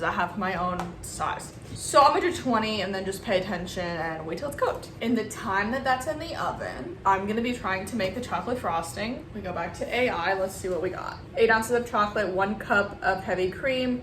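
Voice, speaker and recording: A woman's voice: mid-range voice, a bit bright. Young woman, casual baking vlog, nervous and self-mocking, roomy kitchen echo, audible background noise. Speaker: vlogger. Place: home kitchen.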